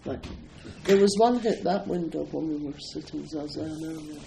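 At a Zen centre, an older Scottish man gives a chatty, wandering talk, laughing often as he introduces a poem for a reading. His voice is fairly high, creaky and mellow, at a normal speed. The audio is poor, with slight background noise.

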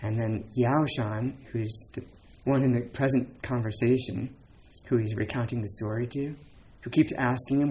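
A man's voice: mid-range voice, steady tone, moderate pace, few pauses, a little mellow, slight background noise. A man giving a dharma talk as a Zen teacher, casual and chatty, with many fillers and laughs between points.

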